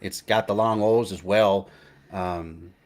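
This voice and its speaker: A young man with a low voice hosts a casual live stream, talking in a rambling, halting way full of fillers and restarts. He thanks viewers and chats with his co-host. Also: fairly even intonation, darkish tone. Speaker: livestream host.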